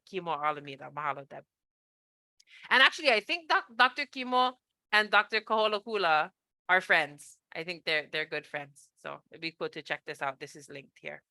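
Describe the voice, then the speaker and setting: A woman's voice: on the low side, bright, forceful tone, no echo. A woman from Hawaii, a cultural practitioner, giving a chatty, upbeat online presentation on a video call, with many fillers and restarts.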